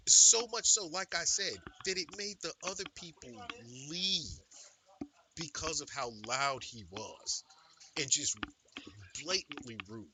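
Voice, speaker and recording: A male streamer telling a story in a casual, animated and profane way, with lots of emphasis. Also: a little high, slow, pauses often, noisy background.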